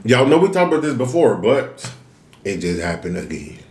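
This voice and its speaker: A man vents to his viewers between bites, firing off rhetorical questions in a casual chat. His voice sits at an ordinary middle pitch. The room around him is noticeably echoey. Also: big pitch swings, moderate pace, a little mellow. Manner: venting, rhetorical questions to the audience. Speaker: mukbang vlogger. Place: room, eating on camera.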